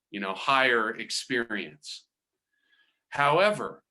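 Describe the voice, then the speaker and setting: A man giving a reflective spiritual talk, speaking in a measured way and often pausing to search for words. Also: mid-range voice, sharp tone. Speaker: spiritual teacher.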